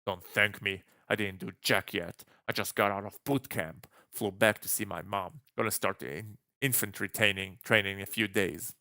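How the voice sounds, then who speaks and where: A man voicing a blunt young male soldier in a visual novel game, with a deep, tame and calm voice. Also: moderate pace, hardly any pauses, dry recording, clean studio sound. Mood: curt.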